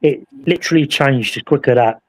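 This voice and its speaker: A man recounting a ghost investigation in casual chat, acting out the voices in his story with animated energy. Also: mid-range voice, brisk. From England. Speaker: paranormal investigator.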